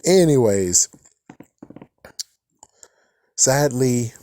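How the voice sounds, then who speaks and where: A man's voice: medium pitch, expressive, very slow, dark tone. A man giving a casual, rambling recap of a TV episode, swearing casually and chuckling often. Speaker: TV episode reviewer.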